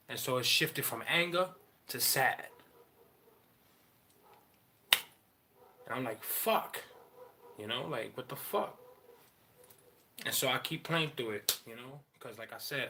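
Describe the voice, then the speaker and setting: A man in a candid personal monologue, rambling and profane, halting often with fillers as he talks about his feelings. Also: mid-range voice, bright, forceful tone, a little hiss or hum. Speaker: father sharing personal story.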